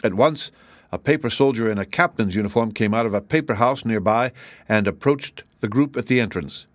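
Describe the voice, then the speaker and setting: A man narrating a children's book chapter in a steady, measured reading. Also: mid-range voice, no room sound. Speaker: audiobook narrator. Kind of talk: scripted narration.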